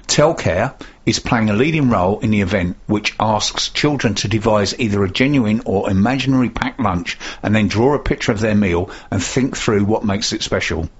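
A gruff, husky man reads announcements on a local radio show, a little low in pitch. He slows right down to spell out addresses letter by letter. The studio recording sounds dull and lo-fi. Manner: spells out web and email addresses slowly. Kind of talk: reading community announcements on radio. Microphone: studio microphone.

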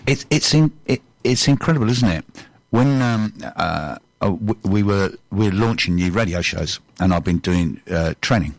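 A man's voice: on the low side, expressive, normal speed, dry recording. A man hosting a podcast, chatty and jokey, telling stories and asking questions. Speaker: podcast host. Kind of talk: casual podcast conversation.

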